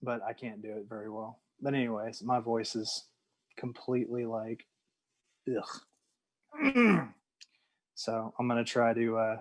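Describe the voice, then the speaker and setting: A podcast co-host trades laid-back, rambling banter, his voice congested and nasal from a sinus infection. He speaks on the low side with a flat delivery at a moderate pace.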